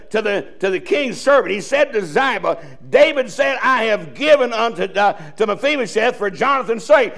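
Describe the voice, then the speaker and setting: A man preaches a sermon in a folksy, joking way, chuckling and restarting his sentences. His voice sits high and carries a gravelly rasp. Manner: folksy, joking preaching with laughs and repeated starts. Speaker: pastor.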